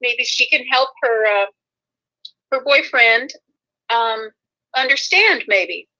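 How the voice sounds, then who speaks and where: Hosting a relaxed talk show, this woman speaks slowly in a slightly high voice that comes across pushed and bright. She wanders in her talk, keeps correcting herself, and laughs a lot, all captured in muffled, lo-fi audio.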